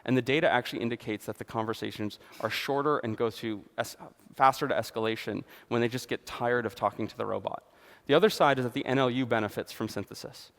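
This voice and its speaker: A man's voice: mid-range voice, fast, vocal fry, fairly bright tone. A man giving a conference presentation on stage, speaking fluently with frequent fillers and restarts. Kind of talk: conference keynote talk. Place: large conference hall. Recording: long hall reverb.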